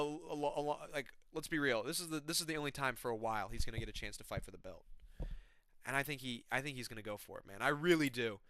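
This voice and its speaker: A man ranting casually with excitement and heavy profanity, giving his fight predictions as the host of a mixed martial arts channel. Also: medium pitch, brisk, clean tone, no room sound. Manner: excitable, profane, slangy fan talk.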